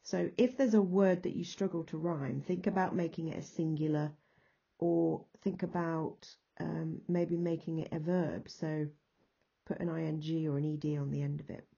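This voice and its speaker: A woman's voice: low-pitched, steady tone, normal speed, gravelly, mellow, husky, lo-fi sound. A woman with an English accent, teaching a recorded lesson and patiently talking through examples step by step.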